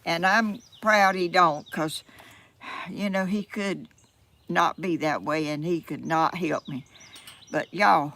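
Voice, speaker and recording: She's an older vlogger from Georgia, USA, talking slowly to her camera at home near a yard, her lowish, slightly bright voice carrying a Southern accent. The chat is casual, folksy, and rambling, peppered with exclamations.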